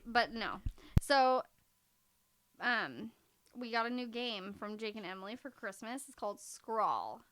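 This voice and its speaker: A chatty woman co-hosting a casual podcast, her voice bright and fairly high. She swings her pitch all over as she tells stories, peppering them with "like" and laughing often. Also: sing-song, unhurried. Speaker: podcast co-host. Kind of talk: casual chat.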